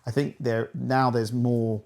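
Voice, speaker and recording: A man's voice: medium pitch, level tone, a little slow, gravelly, darkish tone. A middle-aged man hosting a podcast, talking casually with many restarts and acted-out quotes. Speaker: podcast host. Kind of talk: casual interview chat.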